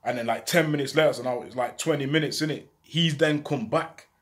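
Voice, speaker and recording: A man recounts a true story from his own life in casual, slang-filled street talk. His delivery is animated and brisk, at a medium pitch.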